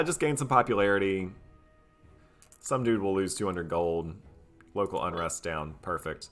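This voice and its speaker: A man commentates his strategy game in character, with a low, somewhat bright voice, a moderate pace, and long pauses. He muses and boasts playfully, using frequent hesitant fillers, with faint music behind him.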